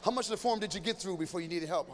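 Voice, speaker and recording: A male stand-up comedian riffing with someone in a live audience, teasing loudly and breaking into sudden shouted bursts. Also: high voice, racing. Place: large church hall before a live audience. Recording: reverberant hall with faint ambient noise.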